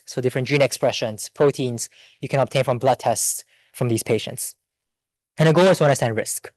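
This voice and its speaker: A man giving an academic seminar talk, explaining research results in a steady, methodical way with occasional fillers. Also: medium pitch, no echo, poor audio. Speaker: invited seminar speaker. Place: lecture room.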